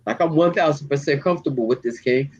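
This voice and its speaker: A man, a community activist, speaking with deep emotion and street slang in an interview, near tears. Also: fast, darkish tone, slightly rough, dull audio. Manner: heartfelt, storytelling, street slang. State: holding back tears.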